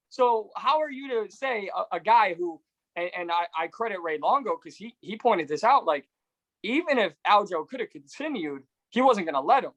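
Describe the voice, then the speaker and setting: A podcast host interviews a guest in a conversational, storytelling style, readily agreeing with what they say. His high voice is animated and fairly bright, recorded with no echo but low quality.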